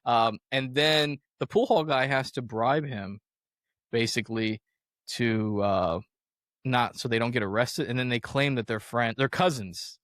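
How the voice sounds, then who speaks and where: In a casual movie review chat, a young adult male podcast host talks animatedly, frequently laughing while recounting scenes. He speaks a little slowly in a medium, slightly bright voice, captured in a dry, studio-quality recording.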